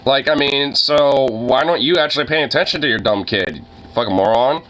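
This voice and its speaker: Forceful, profane young man ranting. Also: mid-range voice, fairly quick. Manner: heavy fillers and swearing, exasperated. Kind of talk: casual profane rant.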